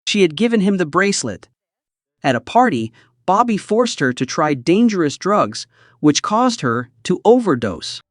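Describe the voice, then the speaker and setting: A man reads a movie recap as scripted narration. His pitch moves a lot as he tells the story. The recording is close and dry, with almost no room sound. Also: very animated, moderate pace, no room sound.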